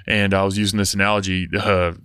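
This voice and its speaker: A man's voice: low voice, fast, smooth, no room sound, studio quality. A young man, a gym coach, telling stories in a casual podcast chat with some swearing. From Oklahoma. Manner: animated storyteller, casual swearing.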